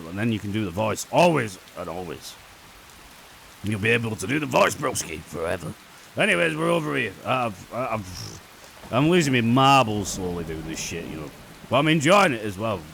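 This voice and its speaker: A man's voice: on the low side, a bit bright, slight background noise. A young man giving casual, rambling commentary on his gameplay, joking and swearing freely, into a desk microphone. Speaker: gaming video host. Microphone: desk microphone on a magnetic mount.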